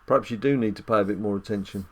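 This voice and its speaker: A middle-aged man hosting a casual gaming video with his son, joking and teasing in lively banter. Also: on the low side, racing, a little hiss or hum. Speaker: gaming channel host, dad.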